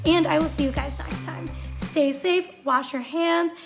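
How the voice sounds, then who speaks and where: A high-voiced woman rants to her viewers in a vlog. She sounds sarcastic and fed up, and her delivery drips with mockery. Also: a little slow, soft background music. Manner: sarcastic, exasperated. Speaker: vlogger. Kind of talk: ranting vlog monologue.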